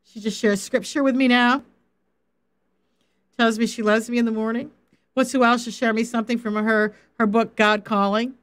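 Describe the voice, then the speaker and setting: A woman faith coach giving informal Bible teaching, animated, laughing and acting out quotes as she talks. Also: on the high side, normal speed.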